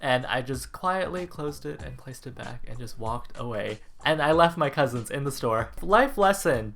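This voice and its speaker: A young Canadian man with a Canadian accent, chatting playfully on his vlog and answering viewer questions with puns. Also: medium pitch. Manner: animated, playful, punning. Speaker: vlogger.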